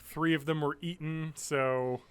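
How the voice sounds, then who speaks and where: A man's voice: fairly high pitch, steady tone, unhurried, clean tone. A young man co-hosting a podcast, chatting casually and telling loose, profane stories. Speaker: podcast co-host. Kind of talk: casual chat.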